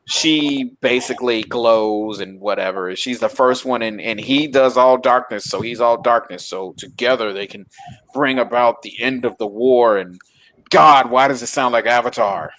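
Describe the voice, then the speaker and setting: A man's voice: medium pitch, normal speed, a bit bright, slight background noise. A man co-hosting a casual chat about films and shows, teasing and rambling through asides. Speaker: podcast co-host.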